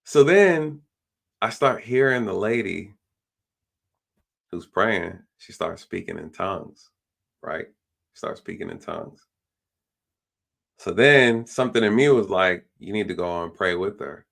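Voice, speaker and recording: Gravelly low-voiced man telling a story. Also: a little slow, pauses often. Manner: animated, acts out the other people's lines; repeats phrases, fills with "you know" and "like". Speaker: police officer telling a story as a guest. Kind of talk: casual storytelling on a live stream.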